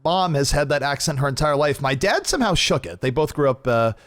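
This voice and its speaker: A man's voice: on the high side, fairly quick. A man with a general American accent casting esports, chatting loosely between matches. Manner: relaxed, rambling, many fillers. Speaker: esports caster. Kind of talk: casual chat between matches.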